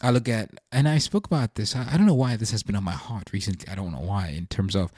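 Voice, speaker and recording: Earnest man, low voice. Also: quick pace, a little mellow, slightly rough, dry recording, clean studio sound. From South Africa. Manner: earnest, searching, thinks aloud. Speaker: podcast host. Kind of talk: reflective faith monologue.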